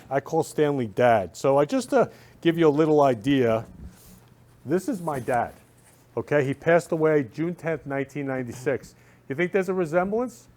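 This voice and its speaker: A man's voice: fairly high pitch, a little mellow. A man hosting a talk show in a studio, effusive and repetitive, constantly telling guests he loves them.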